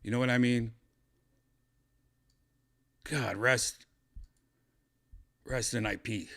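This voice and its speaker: A man hosting a podcast, chatting casually in a rambling, halting way with crude asides. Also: medium pitch, steady tone, vocal fry, fairly bright tone. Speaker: podcast host. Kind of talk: casual chat.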